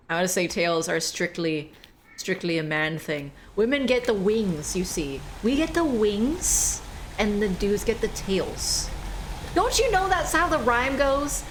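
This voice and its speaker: A woman's voice: mid-range voice, slight background noise, rough recording. A woman streamer giving casual gameplay commentary, playful and teasing, swearing freely and talking back to the game's characters. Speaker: game streamer.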